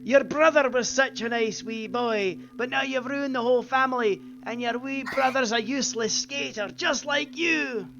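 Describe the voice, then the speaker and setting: Man doing a scolding mum, high nagging voice, exasperated, dull sound. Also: moderate pace, hardly any pauses, noisy background. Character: scolding Scottish mother, older woman.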